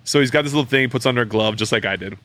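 A man hosting a podcast recorded at a brewery, telling a story in casual chat, animated and full of fillers and restarts. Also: mid-range voice, rapid-fire. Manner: animated, acts out quoted voices, many fillers and restarts. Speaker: podcast host.

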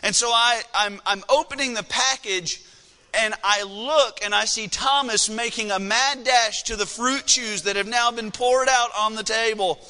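High bright-voiced man preaching in reverberant hall. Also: a little slow. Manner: storytelling, conversational with frequent fillers. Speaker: pastor. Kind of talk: sermon. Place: church sanctuary. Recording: long reverb of a large hall.

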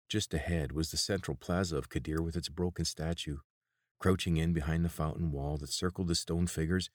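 A male audiobook narrator reads scripted material in a deep, darkish voice. The recording is studio quality with no room sound.

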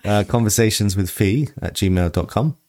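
Very deep-voiced easygoing woman. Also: moderate pace, a little mellow. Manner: easygoing, supportive, fills gaps with um. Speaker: podcast co-host. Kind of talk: casual chat.

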